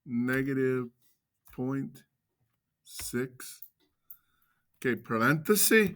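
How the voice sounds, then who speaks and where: A man teaching a math class, joking with students and quizzing them with quick questions. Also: mid-range voice, expressive, a bit bright.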